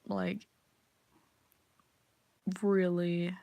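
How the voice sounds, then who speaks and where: A woman's voice: lowish voice, drawn-out words, creaky, dry recording. A woman ranting casually to camera, swearing freely and acting out the people in her stories. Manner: profane, animated storytelling, acts out quotes. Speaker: vlogger.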